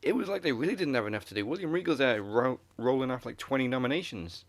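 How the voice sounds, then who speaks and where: A man's voice: mid-range voice, fast talker, dry recording. A man co-hosting a wrestling podcast in an easygoing, offhand way, chuckling often. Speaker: podcast co-host. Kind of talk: casual podcast banter.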